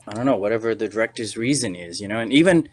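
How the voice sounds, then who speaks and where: Middle-aged male actor, low-pitched, casual rambling interview storyteller. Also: animated, fast talker. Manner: rambling, many restarts and "you know"s. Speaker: actor and podcast guest.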